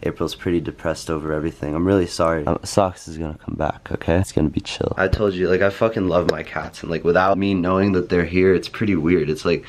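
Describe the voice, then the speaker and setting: A man's voice: deep voice, steady tone, fast talker, few pauses. A young man talking casually to camera as a vlogger, slangy and annoyed, swearing often. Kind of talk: casual vlog talk to camera.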